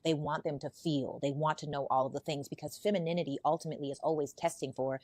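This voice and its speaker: A woman with a slightly low voice explains her views on a podcast in a confident, teaching tone. The recording is close and dry, with no room sound. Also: fairly even intonation, fast talker, few pauses, a little mellow, no room sound. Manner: confident, explanatory, acts out quotes. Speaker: podcast guest. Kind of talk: casual talk giving opinions.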